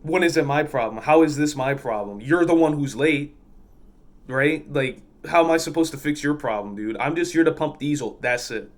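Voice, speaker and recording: A man's voice: on the high side, moderate pace. Blunt, foul-mouthed man telling stories. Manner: blunt, profane, exasperated. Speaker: fuel pump attendant. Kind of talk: casual storytelling vlog.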